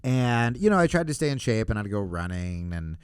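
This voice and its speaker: A man's voice: lowish voice, brisk, clean tone, no room sound, clean studio sound. A man who is a comedian guest on a podcast, telling stories in casual chat, swearing often and laughing through his stories. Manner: animated storyteller who swears a lot. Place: podcast studio.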